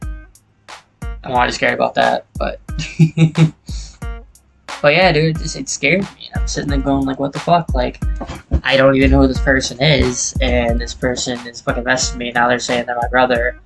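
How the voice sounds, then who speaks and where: A man's voice: medium pitch, normal speed, creaky, pauses often. Late-20s male gamer, casual profane storyteller, faint music under. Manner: rambling, profane, animated when retelling. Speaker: gaming YouTuber. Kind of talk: casual storytelling over gameplay.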